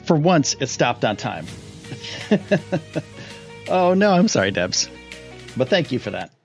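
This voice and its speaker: Excitable rambling man on a live stream. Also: mid-range voice, a little slow, vocal fry, soft background music. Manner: excitable, rambling, lots of fillers. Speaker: livestream host. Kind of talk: casual live-stream chat.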